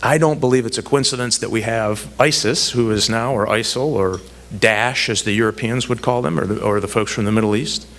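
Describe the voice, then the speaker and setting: Man, low voice, gravelly, public speech, anecdotes with dry asides, emphatic repetition. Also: brisk, fairly bright tone. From United States. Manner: storytelling with asides and self-deprecating humor; emphatic repeated phrasing. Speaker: congressman giving a speech.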